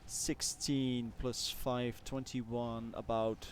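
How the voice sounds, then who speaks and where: A man casting a strategy game tournament, calmly walking through the map layout in casual commentary. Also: medium pitch, extremely slow, slight background noise. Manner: relaxed, explains maps step by step. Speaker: caster.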